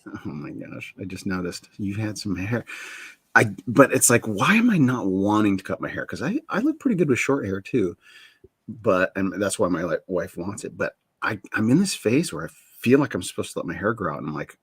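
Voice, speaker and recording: A man's voice: lowish voice, big pitch swings, a little fast, breathy edge, no room sound. A middle-aged man hosting a casual chat show, rambling and interrupting himself, often laughing at himself. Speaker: show host.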